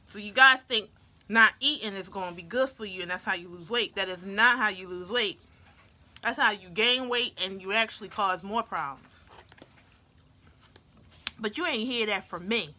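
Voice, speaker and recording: A woman's voice: mid-range voice, normal speed, pauses often, pushed and bright, a little hiss or hum. Chatty woman vlogger eating on camera. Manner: chatty, playful, talks while chewing. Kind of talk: casual chat to viewers while eating.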